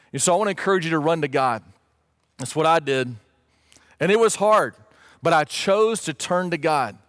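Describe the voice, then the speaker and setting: A man's voice: sits high, dry recording, studio quality. A man preaching a sermon as pastor, earnest and emphatic, rising into pleading questions. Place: church stage or studio, streamed online.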